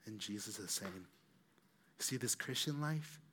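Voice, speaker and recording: A man preaching a sermon, telling the story with lively acted-out voices and swinging between loud and soft. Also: lowish voice, a little slow, a little hiss or hum. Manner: animated storytelling, acting out quoted voices, rising loud then dropping soft.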